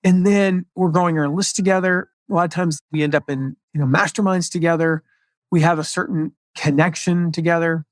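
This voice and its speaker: A chatty man with a slightly raised pitch, talking casually about business in an upbeat, rambling way. The sound is close and dry, with no room around it. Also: steady tone, brisk, no echo. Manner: upbeat, chatty, lots of fillers. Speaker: podcast host, marketing coach.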